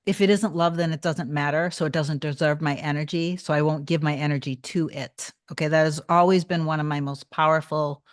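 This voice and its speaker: A woman's voice: low-pitched, steady tone, brisk, hardly any pauses, no echo, clean studio sound. A tired woman talking casually to viewers on a livestream, greeting them by name and repeating phrases. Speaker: manifestation coach hosting a livestream.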